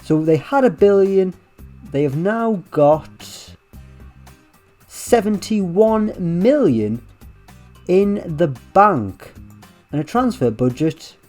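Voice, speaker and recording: A man giving casual, chatty commentary over a management game, with wry asides and lively swings in delivery. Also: high-pitched, slow, long pauses, soft background music. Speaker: gaming YouTuber.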